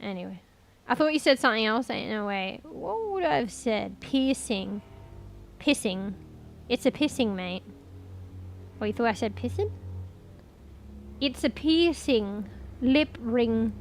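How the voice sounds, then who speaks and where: A woman's voice: fairly high pitch, lively intonation, measured pace, vocal fry, pauses often, a little hiss or hum. A young Australian woman streaming, chatting casually with viewers and swearing freely as she talks. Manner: chatty, swears casually, reads chat aloud. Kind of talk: casual live-stream chat.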